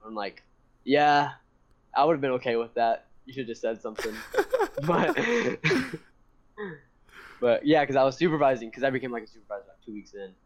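A man's voice: mid-range voice, normal speed, long pauses. Rambling young man telling a story. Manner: rambling, animated, profane, laughs often. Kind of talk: casual storytelling. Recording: dull lo-fi sound.

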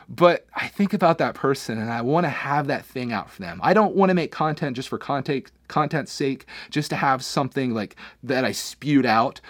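A man hosts his own podcast and talks to his viewers in a loose, candid ramble. He keeps circling back and restarting his sentences. His voice sits at an average pitch, recorded close in a dry studio. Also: no echo. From Pennsylvania, USA. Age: adult, father of a young son. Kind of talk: casual personal podcast monologue.

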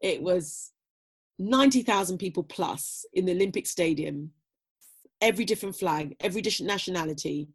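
This British former athlete, a middle-aged woman, speaks as a guest in a casual interview, brisk in pace with a fairly low, breathy voice. She's reflective and keeps dropping "you know" into her answers.

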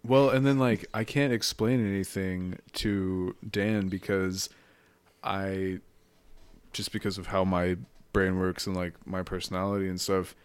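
A man's voice: deep voice, steady tone, measured pace, clean tone, dry recording. A young man, a podcast guest, chatting casually in a laid-back way with dry remarks. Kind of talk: casual chat.

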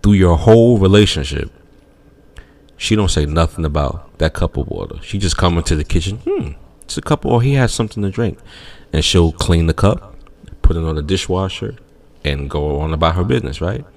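A low-pitched man tells a comedic story on a podcast in loose, casual chat. His pitch swings widely as he jumps into shrieking, high impressions of other people. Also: a little fast, gravelly. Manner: animated, acts out voices in shrieking high tones. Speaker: podcast co-host.

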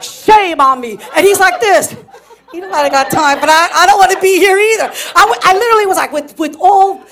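Woman pastor, high-pitched, animated storyteller, laughing and shouting from the pulpit. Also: brisk. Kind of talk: sermon with personal storytelling.

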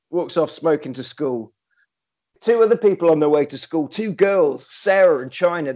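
British man recapping a film, animated. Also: a little high. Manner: animated retelling, acting out lines, laughing. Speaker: podcast co-host. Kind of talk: casual film recap chat.

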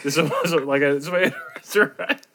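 A young man co-hosting a casual podcast. He is excitable and laughs often while retelling funny videos. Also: a little high, racing. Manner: excitable, laughing, acts out shouted quotes. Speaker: podcast co-host. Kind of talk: casual chat.

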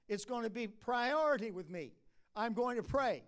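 A man preaching a sermon at a prayer conference, moving from quiet musing to loud, impassioned exhortation. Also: extremely high pitch, expressive, moderate pace.

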